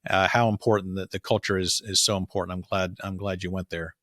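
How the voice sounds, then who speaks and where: A man's voice: deep voice, level tone, a little fast, a bit bright, no echo, studio quality. A man hosting a podcast, talking in a thoughtful, affirming way with some fillers. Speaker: podcast host. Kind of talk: casual interview chat.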